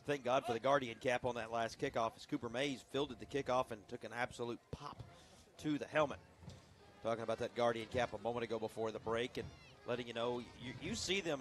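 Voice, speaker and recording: A man doing play-by-play for a local high school football game on radio, lively and chatty, joking at himself between plays. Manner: lively, chatty, self-deprecating. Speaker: play-by-play announcer.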